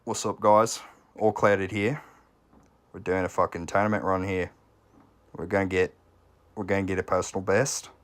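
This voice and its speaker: A man's voice: deep voice, little pitch movement, normal speed, long pauses, lightly acted. A man doing an impression of another video game streamer, in a hyped greeting voice.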